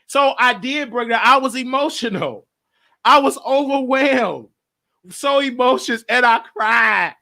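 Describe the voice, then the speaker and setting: High, bright-voiced emotional man hosting. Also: measured pace, creaky. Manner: emotional, rambling, repeats himself; openly talks about his mental health. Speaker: host. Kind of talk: casual monologue.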